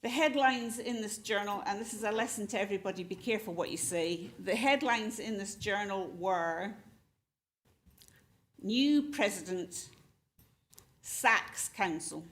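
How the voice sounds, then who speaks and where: A woman's voice: mid-range voice, brisk, hardly any pauses. An older woman on a panel, a former society president, telling stories with wry humour. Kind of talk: anecdotal panel talk.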